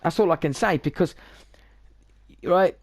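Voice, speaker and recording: Young British male streamer, casual sweary rambler, slightly high voice, dry close mic. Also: unhurried, no room sound. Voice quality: swears freely, chatty, blunt. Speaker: gaming streamer. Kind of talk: casual rambling chat over gameplay.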